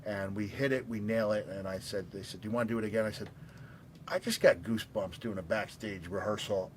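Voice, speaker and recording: Lower-voiced middle-aged man telling stories. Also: fairly even intonation, brisk, a little hiss or hum. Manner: rambling anecdotes with frequent fillers and restarts. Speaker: guest storyteller at an auction. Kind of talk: casual storytelling.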